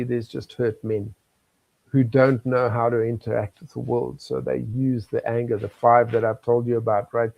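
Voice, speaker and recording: Gravelly older South African man. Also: mid-range voice, darkish tone, no echo, poor audio. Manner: earnest, storytelling, chuckles often. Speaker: guest. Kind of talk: candid interview talk.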